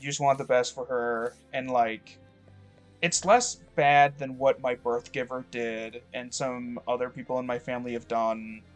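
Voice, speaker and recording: Man in a mid-range voice, loose let's-play rambler who swears a lot and wanders off topic. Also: mid-range voice. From Michigan. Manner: rambling, profane, digressive. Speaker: gameplay commentator. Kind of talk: casual let's-play commentary. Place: rural home.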